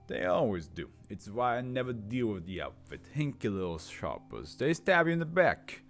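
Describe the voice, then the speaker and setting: A man voicing a bitter male gangster under interrogation, talking in rough, scornful street slang. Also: fairly low pitch, sing-song, moderate pace, faint music behind. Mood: gruff.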